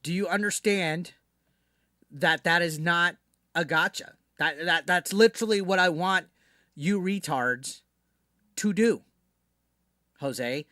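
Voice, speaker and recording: A man's voice: high-pitched, slow pace, long pauses, pushed and bright, no room sound, studio quality. A man streaming live, ranting to his chat in a brash, profane, mocking way.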